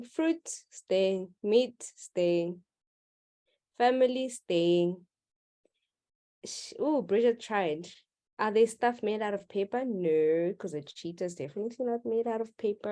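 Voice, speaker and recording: A woman's voice: medium pitch, a little slow, mellow. A woman teaching maths in a live online class, playful and teasing with her students. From South Africa.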